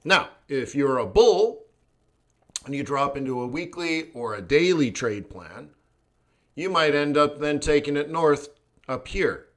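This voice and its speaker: A man's voice: fairly high pitch, animated, a little slow, a bit bright. A tired man teaching forex trading live, blunt and sardonic as he thinks aloud over his charts. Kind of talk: live-streamed trading lesson.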